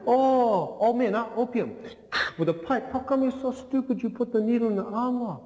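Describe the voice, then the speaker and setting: A man voicing a scornful young man who taunts a stranger in a shrill, sing-song way. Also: normal speed, dark tone. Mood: mocking. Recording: long reverb in a large church.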